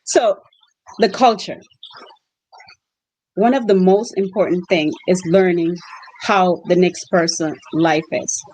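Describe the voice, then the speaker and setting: A woman with a voice on the low side speaks slowly and pauses often, on a rough recording with slight background noise. She hosts exchange students and, in an interview, tells animated stories, acting out the quotes.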